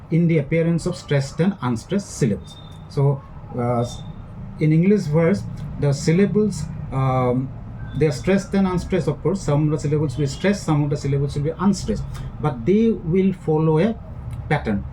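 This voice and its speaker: A man giving a classroom lecture, speaking in a measured way that repeats and rephrases each point. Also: on the high side, noisy background. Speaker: English literature lecturer.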